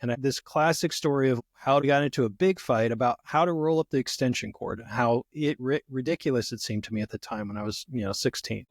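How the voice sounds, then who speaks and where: A man's voice: medium pitch, fairly quick, hardly any pauses, no room sound. Reflective man, dry close sound. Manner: reflective, uses many "you know" fillers. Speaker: guest therapist. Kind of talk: conversational podcast interview.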